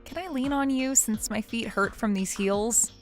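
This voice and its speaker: A woman voicing a gentle, considerate young adult daughter who speaks in a soft, supportive, earnest way. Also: a little high, moderate pace, faint music behind, lightly acted. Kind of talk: animated story voice acting.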